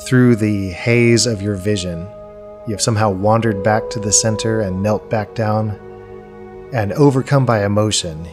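A man narrating a tabletop game as game master, in slow, immersive second-person storytelling. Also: fairly low pitch, darkish tone. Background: faint music.

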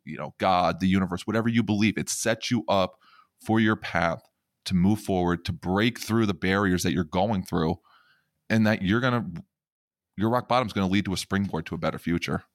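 A middle-aged man with a very low voice talks on a podcast in an earnest, reflective way, often repeating his words as he goes. The recording is close and completely dry. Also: fairly quick, no room sound. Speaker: podcast host. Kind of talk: emotional conversational podcast talk.

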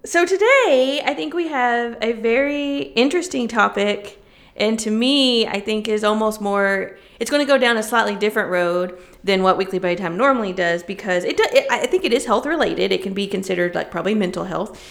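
A woman's voice: mid-range voice, brisk, creaky, fairly bright tone. A woman co-hosting a podcast over a remote call, chatting casually and laughing often between phrases. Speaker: podcast co-host. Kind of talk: casual chat.

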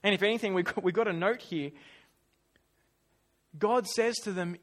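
High-voiced man preaching a sermon. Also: normal speed, pauses often. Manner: animated, acts out whiny voices, drops to quiet asides.

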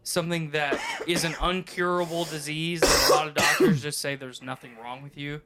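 A man's voice: on the high side, steady tone, normal speed, noisy background. A man in his thirties co-hosting a podcast, talking in a rambling, profane, casual way and laughing often. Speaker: podcast co-host.

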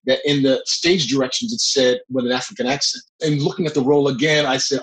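A middle-aged man speaks at an ordinary pitch, recounting his work as an actor in a relaxed interview. He tells his stories with animation and laughs between them. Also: fast talker, few pauses, rough recording. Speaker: actor, guest. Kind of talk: casual interview storytelling.

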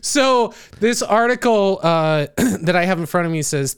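A man's voice: high-pitched, animated, measured pace, hardly any pauses, clean tone, no room sound, clean studio sound. A young man hosting a casual podcast chat, reading from his notes with lots of fillers and laughs. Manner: reads notes aloud, chatty with fillers and laughs. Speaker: podcast host presenting the story.

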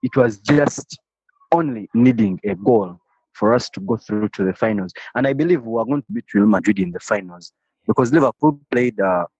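A man's voice: lowish voice, lively intonation, normal speed, a little mellow, breathy edge, no echo. A man, telling a passionate story in an interview and often repeating and restarting phrases. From Uganda. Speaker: interviewee, football fan. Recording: dry, slightly dull recording.

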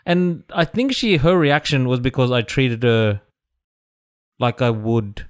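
A man, co-hosting a relaxed chat podcast, telling stories with lots of laughter. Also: medium pitch, measured pace, clean tone, no echo, clean studio sound. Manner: animated storyteller, laughs often, self-mocking. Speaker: podcast co-host. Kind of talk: casual chat.

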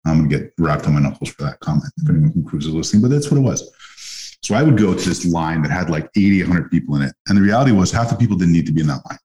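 Canadian guy on a podcast, really low voice, rambly animated stories, keeps restarting his sentences. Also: very fast. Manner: animated anecdotes with frequent restarts. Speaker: podcast guest. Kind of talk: casual storytelling chat.

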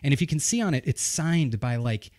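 A man's voice: mid-range voice, expressive, fairly quick, darkish tone. A man with a New England accent hosting a show from a studio, casually running through announcements, rambling and correcting himself as he goes. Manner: rambling, loose, self-correcting, joking. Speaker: podcast host.

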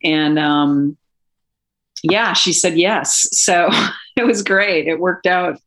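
A woman documentary filmmaker in an interview, telling an anecdote in a lively way and laughing now and then. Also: lowish voice, slow. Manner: animated anecdotal storytelling, laughs often. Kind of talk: interview storytelling.

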